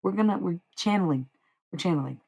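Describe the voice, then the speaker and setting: Tarot streamer on a live stream: gravelly, swearing, confrontational, rambling. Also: medium pitch, animated, fast talker, dark tone. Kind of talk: casual live stream talk.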